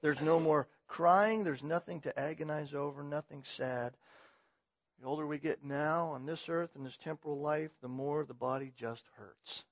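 A middle-aged man preaching a sermon in a fairly high voice, moving between loud, emphatic proclamation and quiet, personal asides. The sound is dry and a little muffled, with no room echo. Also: fairly even intonation, normal speed, creaky. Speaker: pastor.

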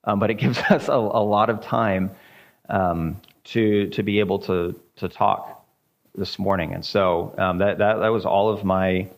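Male pastor, low voice, informal teaching, hesitant and repetitive delivery. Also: fairly even intonation, creaky. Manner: halting, many ums and repeated words. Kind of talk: informal church teaching and discussion.

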